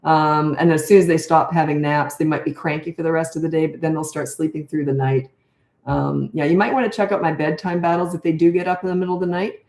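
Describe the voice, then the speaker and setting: Her voice is deep and darkish, delivered quickly but flatly, with a roomy echo on the recording. This Canadian woman in her sixties is a parenting coach who takes viewer questions in casual conversation, often wandering off topic into lengthy stories while laughing.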